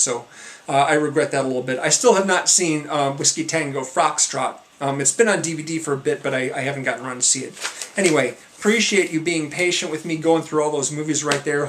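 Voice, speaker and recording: Guy vlogging about movies he saw, lots of ums and uhs, kinda high voice, a little winded. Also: a bit bright. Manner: rambling with many fillers and restarts. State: out of breath, dry throat. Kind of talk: casual monthly movie rundown.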